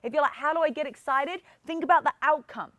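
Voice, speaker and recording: Upbeat high-voiced woman coaching listeners. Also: quick pace, sharp tone, no room sound. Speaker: fitness podcast host. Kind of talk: motivational solo podcast talk.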